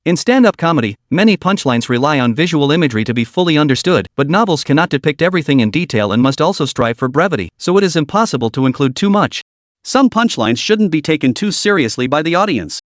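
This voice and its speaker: A man telling a comic recap story at a brisk clip. His voice is on the high side and moves lively up and down, recorded dry and close with no room sound. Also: no echo. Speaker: narrator. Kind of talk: web comic recap narration.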